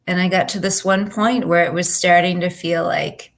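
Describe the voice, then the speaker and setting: A woman guest in a reflective personal chat, speaking in a halting way and searching for her words. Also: fairly low pitch, fairly even intonation. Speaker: guest co-host.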